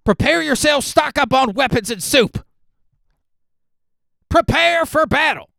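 A man putting on the voice of a frantic male conspiracy broadcaster, shouting alarm about war. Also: very high voice, animated, measured pace, creaky, no room sound, studio quality, pitched above the performer's own voice, heavily acted.

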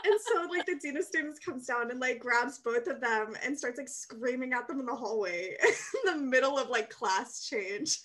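A young woman co-hosting a casual podcast, her voice sitting a little high. She tells stories with lots of energy, laughing and acting out what people said. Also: a little slow. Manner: animated storyteller, laughs often, acts out quotes. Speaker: podcast co-host. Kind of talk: casual chat.

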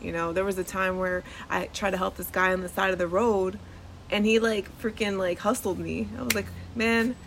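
Woman, nurse and podcast host, casual chatty storytelling, mid-pitched voice, outdoors on a porch. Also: fairly even intonation, fairly quick, creaky, slight background noise, rough recording. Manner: chatty, with frequent "like" and "um" and laughter.

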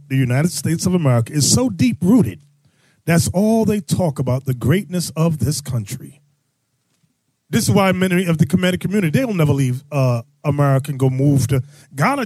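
A man preaching and teaching scripture to a crowd, loud and emphatic, calling out his listeners. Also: high-pitched, breathy edge, no room sound. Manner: loud, emphatic, calls out the audience. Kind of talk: street-style scripture teaching.

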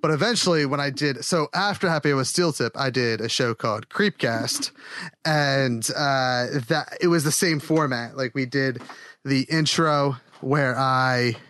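A man hosting a podcast, telling rambling, animated stories in casual chat. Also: mid-range voice, measured pace, no room sound. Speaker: podcast host.

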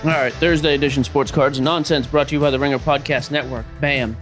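A man's voice: medium pitch, steady tone, fast, music in the background. A man co-hosting a podcast in casual chat, teasing and wisecracking with his partner. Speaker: podcast co-host.

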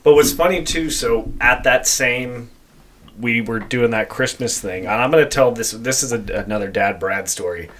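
Man, podcast host, casual chat, animated, laughing, acts out quotes. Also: mid-range voice, moderate pace.

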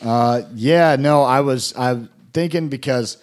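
Young man, casual chat, rambling storyteller, fillers, laughs a lot, medium pitch. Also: slow pace. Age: young adult. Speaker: guest recounting boot camp.

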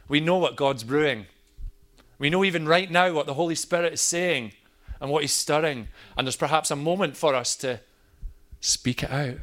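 Bright-voiced man telling his story. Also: fairly high pitch. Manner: storytelling, animated in quoted moments. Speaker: pastor. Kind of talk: personal testimony talk.

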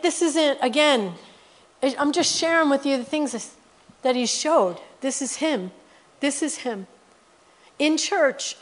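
A middle-aged woman guest preacher telling testimony stories in a sermon, animated and rising to loud exclamations. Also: on the high side.

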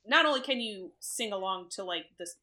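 Bright-voiced opinionated woman host. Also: mid-range voice, a little fast. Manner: animated, opinionated, laughs often. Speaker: podcast host running a movie bracket. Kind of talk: casual chat.

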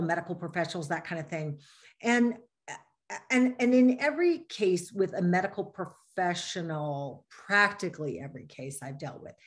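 A middle-aged woman speaking as a panel guest, telling personal stories in a lively way with many fillers. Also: on the low side. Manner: animated storytelling, many fillers. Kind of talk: casual panel discussion.

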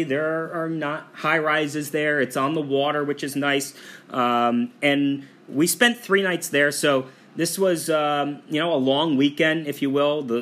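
Casual podcast co-host, male, bright and chatty, loose delivery with fillers. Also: on the high side. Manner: relaxed, chatty storyteller with frequent fillers. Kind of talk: casual travel podcast chat.

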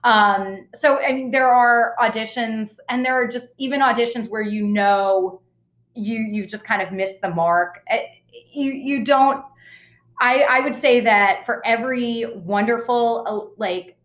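A woman's voice: fairly high pitch, measured pace, fairly bright tone. A young woman, an actress, chatting casually as an interview guest, talking in a loose way with fillers and frequent laughs. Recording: roomy echo.

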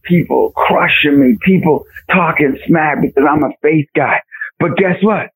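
A man guest on a radio show, giving a fervent faith testimony with raspy storytelling and bursts of shouting. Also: fairly high pitch, a little slow, no room sound, poor audio.

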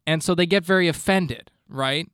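A male comedian hosting a podcast, with a voice that sits a bit high and a deadpan, falsely earnest delivery. He rambles, trips over his words and restarts before landing each joke. The sound is close and dry, with no room around it. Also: normal speed, clean tone, no room sound. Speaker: podcast host. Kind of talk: comedic monologue.

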